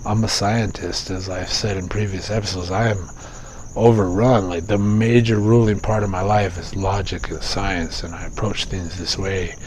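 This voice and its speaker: A man's voice: low-pitched, steady tone, normal speed, darkish tone, a little hiss or hum. A young man hosting a podcast, talking through his life in a candid, profane, self-questioning ramble full of restarts. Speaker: podcast host. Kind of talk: casual personal monologue.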